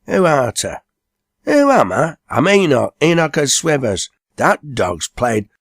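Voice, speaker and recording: A man doing an excitable young village lad in a storybook, loud and eager in broad Lancashire dialect. The voice is pitched well above the reader's own, bright and pushy, in a dry, close room. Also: slow pace, gravelly, no echo, exaggerated voice. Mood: bold.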